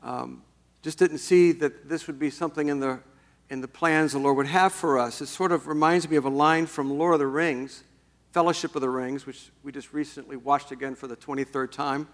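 A man's voice: fairly high pitch, fairly even intonation, normal speed. A middle-aged male pastor giving a folksy, conversational sermon with small fillers and restarts.

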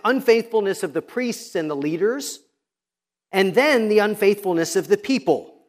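Pastor, male, high-pitched, measured expository preaching with dramatic pauses on quotes. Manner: expository preaching, quoting scripture with emphatic pauses. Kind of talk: sermon.

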